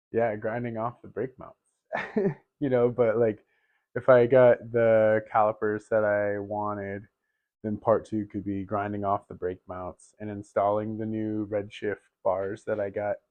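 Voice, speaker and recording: A man's voice: lowish voice, dry recording, phone-quality sound. A man talking casually about his bikes in a home garage vlog, rambling and laughing often. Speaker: bike vlogger.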